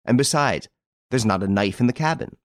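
A man voicing a composed gentleman detective. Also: mid-range voice, expressive, no room sound, studio quality, natural voice. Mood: grave. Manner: measured, authoritative. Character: composed gentleman detective, male, middle-aged, commanding.

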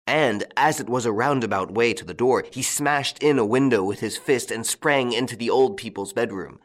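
A man narrating a classic story with a steady, measured reading. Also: medium pitch. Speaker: audiobook narrator. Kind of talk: scripted narration.

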